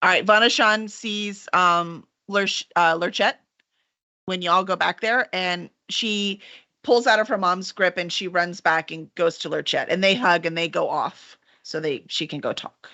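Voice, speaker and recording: A woman's voice: lowish voice, fairly even intonation, a little slow, bright, forceful tone, highs cut off. A woman running a tabletop game as game master, narrating and voicing the people her players meet.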